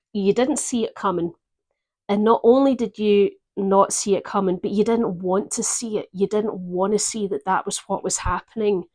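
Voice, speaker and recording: A woman giving a gentle, reflective tarot reading, pausing often to think. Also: mid-range voice. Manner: gentle, reflective, with pauses and fillers. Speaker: tarot reader.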